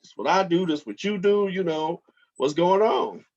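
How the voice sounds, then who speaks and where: A man's voice: sits high, normal speed, darkish tone, muffled recording, pitched above the performer's own voice. A man doing a bossy, impatient pet bird. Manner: complaining, bossy, street-talking.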